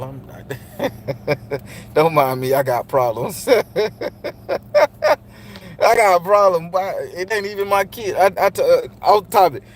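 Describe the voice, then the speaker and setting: In a casual spoken monologue, a middle-aged man who hosts a channel for men lectures his listeners directly, bluntly and with plenty of profanity, in a preachy tone. His pitch is fairly high. Slight background noise can be heard.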